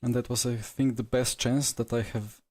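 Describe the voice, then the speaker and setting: A man's voice: mid-range voice, level tone, moderate pace, darkish tone, no room sound. Breathless man chatting after a sim race. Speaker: sim racing streamer. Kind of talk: casual live commentary while sim racing.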